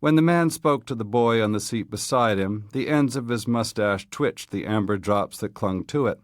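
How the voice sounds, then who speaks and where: A man narrating a literary short story in a steady, measured reading. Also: lowish voice, no echo, clean studio sound. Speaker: audiobook reader.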